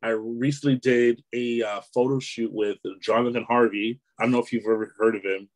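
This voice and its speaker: In an interview, an easygoing Canadian man who is an author and entrepreneur rambles loosely, dropping many a "you know" and laughing easily. He speaks a little fast in a steady, medium-pitched voice, over poor audio.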